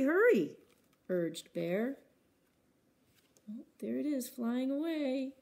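A woman's voice: lowish voice, vocal fry, warm tone, breathy edge. A woman librarian reading picture books aloud at children's story time, acting out sound words and stopping to ask the children questions.

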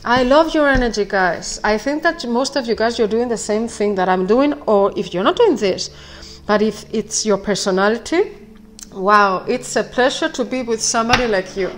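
Excitable woman giving a tarot reading. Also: on the high side, normal speed, slight background noise. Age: 40s. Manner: excitable, rambling, laughs often, keeps apologizing. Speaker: tarot reader. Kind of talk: casual spoken tarot reading.

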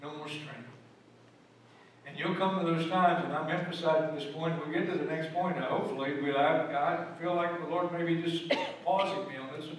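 A male pastor preaching a sermon and telling stories, his voice swinging from loud emphasis to hushed tones. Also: on the high side, steady tone, fairly quick, few pauses, slight background noise. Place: church sanctuary. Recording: echoey church hall from far off.

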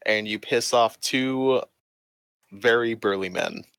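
A man's voice: mid-range voice, takes it slowly, fairly bright tone, clear, resonant tone, dry recording. A man narrating as game master in a casual tabletop game, with many fillers.

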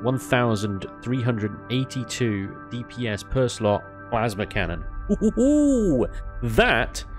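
A man giving casual, animated commentary on his gameplay, ranting and laughing with mild swearing. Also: on the low side. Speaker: gaming YouTuber.

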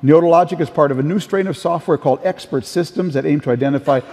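A man's voice: fairly high pitch, quick pace, darkish tone. An older man giving a conference keynote, telling anecdotes in a storytelling way with occasional restarts. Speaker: keynote speaker. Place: large conference hall. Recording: distant, echoey hall sound.

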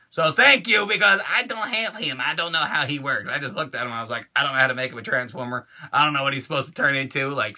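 A middle-aged man hosting a toy show, unboxing fan mail with a loud, crude, joking manner and quick silly voices. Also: on the high side, a little hiss or hum.

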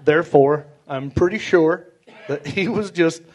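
A male stand-up comedian performing a playful, animated set and talking with the audience, on a club stage with a handheld mic. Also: a little high, a little slow, husky. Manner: animated and playful, talks with the crowd. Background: audience laughter.

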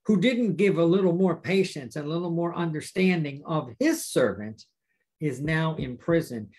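Husky-voiced man teaching the Bible. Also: fairly high pitch. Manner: emphatic, with rhetorical questions; warm, direct address to viewers. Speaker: pastor.

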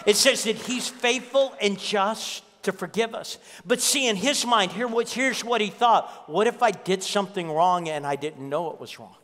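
A man with a high, ringing voice preaches to his church, telling stories and hammering points home by repeating them. His voice carries a long reverb through the hall. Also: fairly bright tone. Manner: storytelling preacher, repeats key lines for emphasis. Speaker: pastor. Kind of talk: sermon.

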